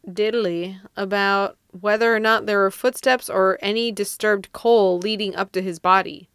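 A woman co-hosts a relaxed, joking conversation, teasing her partner and laying down playful rules. She laughs often and speaks at an ordinary pitch. The sound is dry, with no room echo. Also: moderate pace, smooth. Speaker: podcast co-host. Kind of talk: casual chat.

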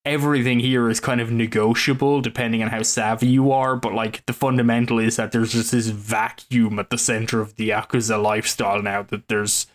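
Guy rambling on about movies, loads of likes and you knows, mid pitch. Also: flat delivery, brisk, hardly any pauses. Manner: rambling, many fillers and restarts. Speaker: podcast co-host. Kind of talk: casual film discussion.

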